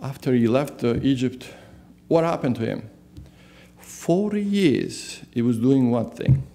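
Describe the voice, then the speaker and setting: A man's voice: mid-range voice, expressive, a little slow, vocal fry, warm tone. A man preaching a sermon as pastor in a church. He asks the congregation questions and then answers them himself. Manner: answers his own questions.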